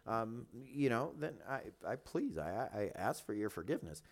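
A man's voice: mid-range voice, very animated, normal speed. Man, pastor type co-hosting a podcast, blunt and emphatic. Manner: blunt, emphatic, repeats himself.

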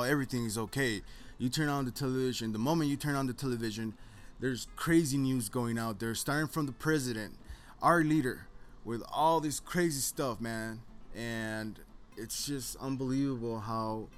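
Rambling, easygoing male video host. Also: medium pitch. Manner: rambling and loose, heavy on "man", "you know" and "uh". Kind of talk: casual monologue commentary.

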